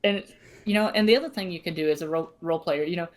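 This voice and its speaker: Low-voiced Southern woman chatting casually. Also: very fast, crowd noise. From American South. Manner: relaxed, chatty, storytelling with asides. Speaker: host. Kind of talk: casual podcast chat.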